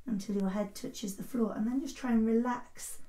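A woman guides children through a yoga class, gentle and encouraging, with a slightly high voice. She sounds set back from the mic in an echoey room. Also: moderate pace, distant mic.

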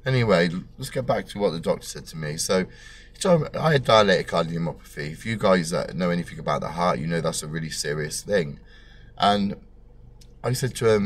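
Casting: bloke, thirties, very low voice, blunt and sweary, plays out the dialogue himself. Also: male voice, a little fast. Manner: animated, acts out dialogue with big pitch jumps. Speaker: storyteller. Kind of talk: personal storytelling to camera.

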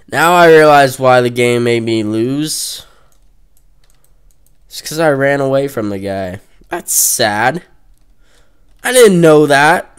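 A young man offers goofy, casual gameplay commentary, trash-talking opponents, joking, and breaking into off-key singing. His medium-pitched voice is animated yet slow, with long pauses and a clean tone.

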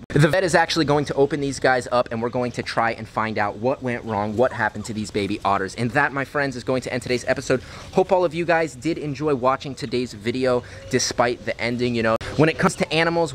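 A man's voice: medium pitch, a bit bright, slight background noise. A man who runs a zoo, vlogging from an outdoor animal enclosure and telling viewers about a sad loss. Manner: saddened, addresses viewers as guys.

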